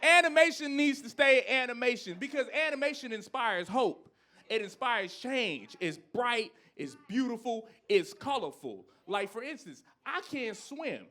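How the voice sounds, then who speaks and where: Man in his thirties, stand-up comic, high voice, bright tone, animated ranting delivery. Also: measured pace. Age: 30s. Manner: animated, ranting, shifts between loud outbursts and low asides. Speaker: stand-up comedian. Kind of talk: stand-up comedy set. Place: comedy club stage.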